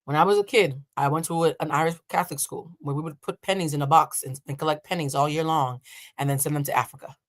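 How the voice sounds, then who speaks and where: Brief: woman in her 30s, blunt coach, slightly low voice, lively storyteller who acts out voices. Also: fast talker. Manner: animated, blunt and profane, acts out quoted voices. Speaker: emotional intelligence coach. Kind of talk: storytelling reaction commentary.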